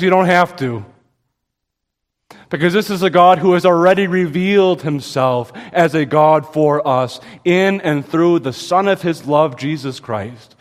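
A man preaching a sermon as pastor, emphatic, with sudden rises in pitch and slow, stressed quotations. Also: in a large hall.

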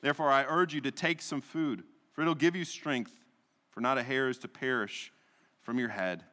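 A man delivers a sermon as a pastor, his voice sitting at an ordinary middle pitch. He preaches with a rhetorical rise and fall, often closing a point with a question. The sound carries the long reverb of a large hall. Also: normal speed, bright, forceful tone.

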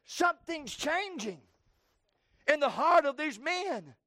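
A man preaching a sermon with fervor, swinging between loud cries and hushed tones and repeating his phrases for emphasis. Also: very high voice, sing-song, slow pace, dry recording, studio quality.

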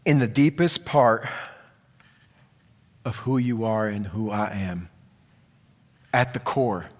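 A male preacher delivers a sermon at an unhurried, deliberate pace. He sounds earnest and leans on repeated phrases for emphasis. His voice rings out with a long reverb tail, as if in a large hall. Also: lowish voice.

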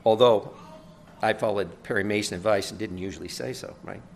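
A man's voice: fairly low pitch, fairly quick, creaky, slight background noise. Man, pastor, sermon, conversational teaching, emphatic rises, asks "right?". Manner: rises loud for emphasis, then drops soft.

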